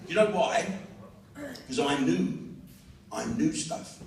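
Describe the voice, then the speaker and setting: A man's voice: on the high side, expressive, takes it slowly, gravelly, noisy background. A man in his fifties with a South London accent, performing a brash, crude stand-up routine full of swearing. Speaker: stand-up comedian. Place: live venue with an audience. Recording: echoey venue audio from far off.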